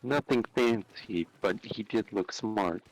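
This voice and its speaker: A man narrating a fan story aloud on a live stream, unhurried, with small slips and restarts. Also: on the low side, no room sound, poor audio.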